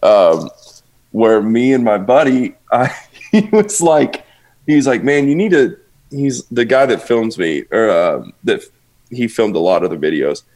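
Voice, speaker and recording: A man's voice: on the low side, animated, a little slow, darkish tone. A man talking as a podcast guest in casual chat, often laughing and rambling with lots of restarts. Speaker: guest drummer.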